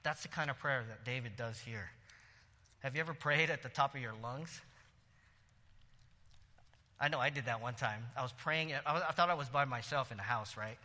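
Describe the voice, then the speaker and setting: A man preaching a sermon in a lively, conversational way, with quick asides and laughter. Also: mid-range voice, big-room sound. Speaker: pastor.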